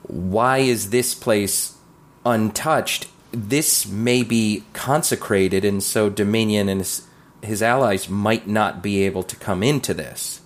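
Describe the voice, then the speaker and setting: A man playing a tabletop game, reasoning aloud in a slow, thoughtful way. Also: fairly low pitch. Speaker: player.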